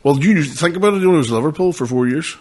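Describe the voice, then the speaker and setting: A man co-hosting a podcast, swearing freely as he tells animated stories in casual chat. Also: a little high, fast talker, husky. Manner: animated storyteller, swears freely, laughs often. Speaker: podcast co-host.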